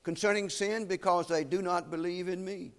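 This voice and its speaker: Male preacher, slightly higher voice, solemn and emphatic, slows for weighty lines. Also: fairly even intonation. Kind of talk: sermon.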